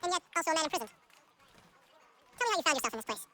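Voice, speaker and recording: A woman voicing a sly, wry male prisoner who teases and schemes in a quick, talkative way. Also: very high-pitched, very animated, pushed and bright, heavily acted. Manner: wry, teasing, quick-talking.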